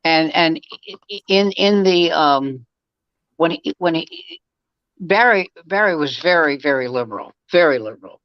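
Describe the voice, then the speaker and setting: A man's voice: on the high side, lively intonation, normal speed, no room sound, muffled recording. A man, a guest comedian, telling rambling anecdotes in casual chat, with frequent restarts and acted-out quotes.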